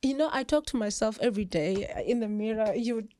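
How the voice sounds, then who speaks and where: Lively South African woman telling stories. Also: on the high side, brisk. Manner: lively storyteller, often breaks into laughter. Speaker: podcast guest, rugby player. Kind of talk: casual storytelling chat.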